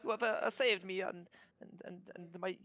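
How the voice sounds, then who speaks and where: A man's voice: sits high, fairly even intonation, normal speed, fairly bright tone, pitched above the performer's own voice. A man, the game master, voicing a small anxious male kobold trader with a mock Italian-style accent, stammering and pleading. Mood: fretful.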